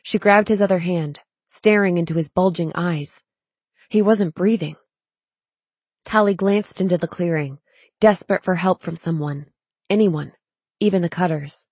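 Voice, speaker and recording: A woman narrating a novel as an audiobook in a measured, steady way. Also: lowish voice, slightly rough, no echo. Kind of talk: scripted narration.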